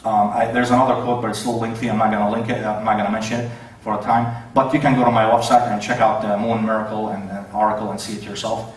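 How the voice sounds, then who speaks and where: A man's voice: fairly low pitch, little pitch movement, quick pace, far from the mic. A man giving a debate presentation, hesitant, with many fillers and self-corrections. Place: debate hall. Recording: very echoey hall, voice away from the mic.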